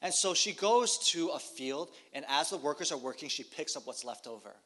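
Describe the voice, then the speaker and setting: Male preacher with a slightly raised pitch, telling the story in short lines and pausing for his interpreter. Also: animated, a bit bright. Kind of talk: sermon with live interpretation.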